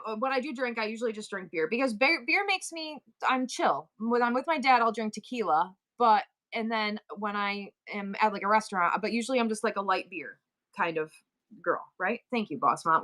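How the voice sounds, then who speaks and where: A middle-aged woman hosting a live selling stream, telling a story in a rambling, animated way full of asides and restarts. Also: a little high, moderate pace. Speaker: live-stream seller and host. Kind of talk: casual storytelling chat.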